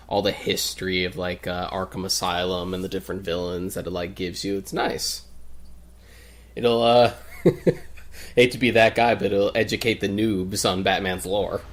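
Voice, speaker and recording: A man's voice: deep voice, level tone, normal speed. A young man co-commenting on a game, opinionated and explaining comic lore at length. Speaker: guest co-commentator. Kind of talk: casual gameplay commentary.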